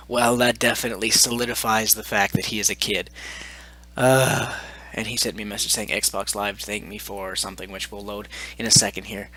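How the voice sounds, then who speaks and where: Sarcastic man with a sharp voice. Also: on the low side, level tone, brisk. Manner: mocking, exasperated, sarcastic. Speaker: gaming channel host. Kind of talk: sarcastic commentary on received messages.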